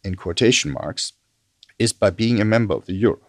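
Deep-voiced male economist. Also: fairly quick, gravelly, dry recording, studio quality. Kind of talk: interview soundbite.

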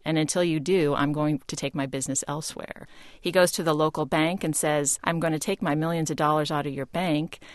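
Low-voiced woman historian telling a story. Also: a little fast, dry recording, studio quality. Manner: explanatory storytelling, animated in places. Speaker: historian guest. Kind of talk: broadcast interview.

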